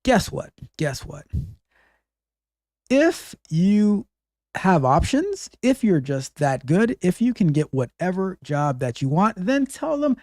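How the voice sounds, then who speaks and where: A man hosting a casual call-in tech advice show, talking in an animated, emphatic way and often repeating himself. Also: sits high, slow pace, dry recording, clean studio sound. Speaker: host.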